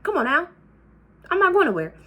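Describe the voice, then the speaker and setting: A woman's voice: extremely high pitch, sing-song, brisk, pitched above the performer's own voice, exaggerated voice. A woman voicing a furious aunt who curses and threatens over the phone in a raised, challenging voice. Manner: loud, profane, challenging.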